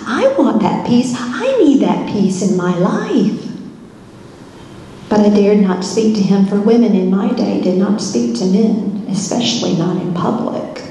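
A woman's voice: medium pitch, mellow, a little hiss or hum. A woman pastor playing a curious, searching Roman governor's wife in a first-person church monologue, asking many wondering questions. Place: church sanctuary. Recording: echoey church hall.

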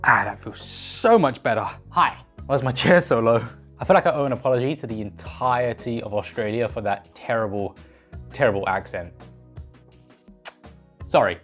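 A woman's voice: extremely low pitch, normal speed, pauses often, faint music behind. A woman hosting an art channel, talking in an upbeat, enthusiastic and jokey way through a casual vlog and sponsor read.

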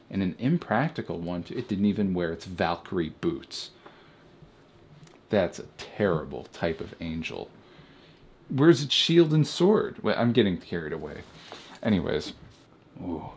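Young man mock-reviewing ornaments, lively pitch. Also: husky. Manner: mock-serious, rambling asides. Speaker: comedy vlogger. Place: home beside a Christmas tree. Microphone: camera held by a friend.

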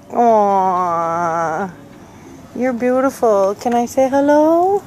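A woman with a fairly high voice vlogs outdoors in a cemetery, talking slowly and unhurriedly. Her manner is chatty and coaxing as she speaks to the animals around her, with faint background noise. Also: lively intonation, a little mellow, rough recording. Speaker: travel vlogger. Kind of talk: casual vlog narration.

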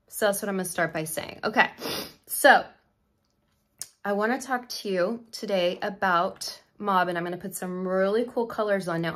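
A middle-aged woman makeup artist chatting effusively to her viewers, asking rhetorical questions as she goes. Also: medium pitch. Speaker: makeup artist and beauty vlogger. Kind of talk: chatty direct-to-camera talk.

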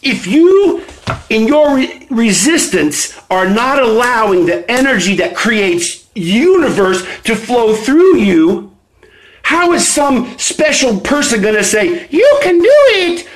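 A man hosting a live stream, reading from his own book and preaching self-understanding, swinging between low chatty asides and loud emphatic bursts. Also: lively intonation, slow pace, poor audio. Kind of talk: motivational live stream talk. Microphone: phone or webcam on a live stream.

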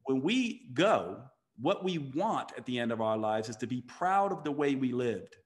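A man's voice: medium pitch, animated, normal speed. A man who is a podcast guest, a physician and coach, telling a story with emphasis and acting out the voices of the people in it. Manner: emphatic, acts out quoted voices. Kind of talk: storytelling interview talk.

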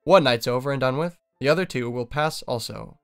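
Fearless cheerful lad, bold and carefree, smooth clear tone; a male narrator puts him on. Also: mid-range voice, fairly quick, faint music behind, close to an everyday voice.

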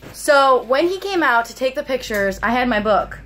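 A young woman vlogger, a little tipsy, excitedly retelling a story to camera with lots of fillers. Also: sits high, normal speed, a little hiss or hum.

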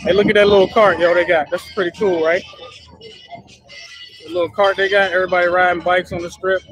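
A man's voice: high voice, flat delivery, a little fast, fairly bright tone, soft background music. A man talking casually to viewers in a family vlog, joking and talkative. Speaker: vlogger. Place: outdoors at a street festival.

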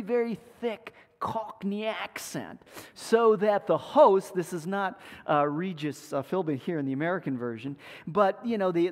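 A man preaching a sermon, telling a story in a playful, animated way. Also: high voice. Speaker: pastor. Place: church sanctuary. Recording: echoey church livestream.

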